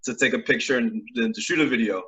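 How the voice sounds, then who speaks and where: Male host, casual interview chat, animated with frequent restarts. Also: medium pitch, quick pace. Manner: animated, laughing, many restarts. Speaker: podcast host.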